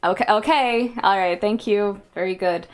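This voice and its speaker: A woman doing her hushed, fretful mom. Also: medium pitch, normal speed, natural voice. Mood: prim, fretful. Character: fretful prim middle-aged mother, disapproving.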